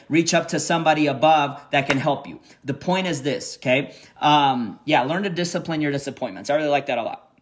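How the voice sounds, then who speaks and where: A man speaking with a fairly high-pitched voice in a loose, pumped-up motivational talk to his team. He drives his points home by repeating them and keeps tagging lines with "okay?" and "right?". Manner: energetic, repeats himself, peppers lines with "okay?". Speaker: network marketing team leader. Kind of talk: motivational live stream talk. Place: resort room by a heated pool on a snowy day.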